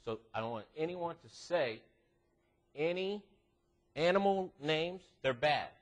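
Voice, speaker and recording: A man giving a youth devotional at church in an animated, joking way, teasing the teenagers in front of him. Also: a little high, unhurried. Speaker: youth minister. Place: church classroom.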